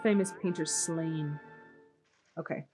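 A woman's voice: deep voice, slow pace, over music. A young woman hosting a movie reaction, chatting casually and exclaiming at the film.

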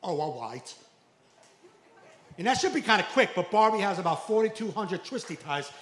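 A stand-up comedian, telling stories loudly on a club stage, acting out quotes and shouting punchlines. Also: male voice, high voice, lively intonation, quick pace. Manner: loud storytelling with acted quotes, shouting punchlines. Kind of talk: stand-up set. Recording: echoey club room, faint noise.

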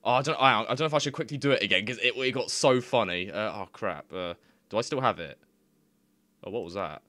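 Giggly low-voiced young man rambling. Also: brisk, pushed and bright, no echo. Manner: giggly, rambling, swears casually. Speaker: YouTuber. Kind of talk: casual screen-recording commentary.

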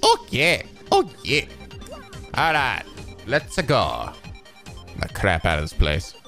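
Brief: man doing casual let's play commentary, lively and bright. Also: mid-range voice, slow pace, soft background music. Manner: casual, jokey and animated. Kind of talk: gameplay commentary.

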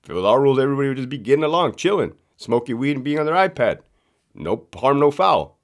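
A man's voice: medium pitch, sing-song, fast. A man telling prison work stories in a casual, profane monologue, laughing often and repeating his punchlines for emphasis.

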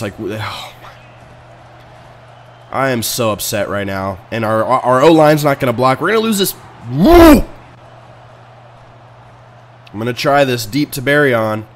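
Male gamer, casual play-by-play, excitable, mid-pitched voice, quiet grumbles then loud outbursts. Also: a little hiss or hum. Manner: excitable, swings from muttering to sudden loud outbursts. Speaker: video game player and channel host. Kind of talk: casual let's-play commentary.

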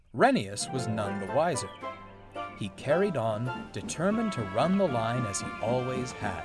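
A man narrating a storybook tale in a slow, measured way. His pitch moves up and down with lively shaping. Loud music plays under him throughout.

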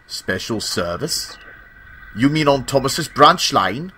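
A man's voice: mid-range voice, expressive, slow, pushed and bright, a little hiss or hum, pitched above the performer's own voice. A man voicing a nervous, hesitant old male steam engine in a storybook tale. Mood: polite. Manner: timid, hesitant.

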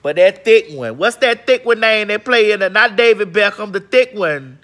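A middle-aged woman hosting a casual gossip chat, sassy and flamboyant with long drawn-out exclamations. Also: medium pitch, animated, a bit bright. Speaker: vlog host.

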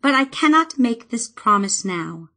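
A woman voicing an earnest, devoted young woman druid in an audiobook, speaking softly and heartfelt. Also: on the high side, very animated, measured pace, vocal fry, heavily acted. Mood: tender.

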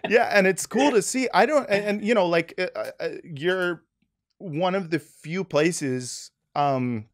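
A man's voice: sits high, unhurried. A man hosting a casual podcast interview over a remote call, talking in a rambling, hesitant way with many fillers and restarts. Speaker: podcast host.

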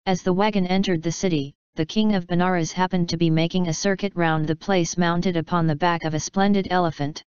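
A woman narrates an ancient tale in a measured, steady way. Her voice sits low and sounds very smooth and clean. The recording is dry and slightly dull. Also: no echo. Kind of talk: scripted storybook narration.

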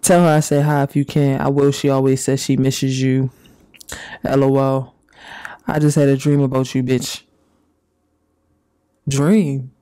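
A man doing casual, profane reaction commentary and reading messages aloud, with drawn-out reactions. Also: medium pitch, little pitch movement, dark tone, smooth, no echo. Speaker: commentary YouTuber.

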